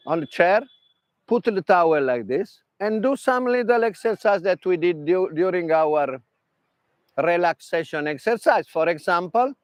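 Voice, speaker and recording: Animated Italian man coaching in English. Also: high-pitched, dry recording. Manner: broken English, animated, demonstrates with gestures. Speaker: tennis mental coach. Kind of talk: workshop talk.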